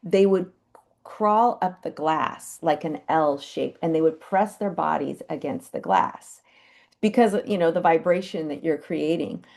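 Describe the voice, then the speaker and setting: A woman telling animal stories in a chatty, animated way on a live video call. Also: low-pitched, measured pace. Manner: chatty, animated, with lively quoted asides. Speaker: animal Reiki practitioner sharing stories. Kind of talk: casual storytelling on a live call.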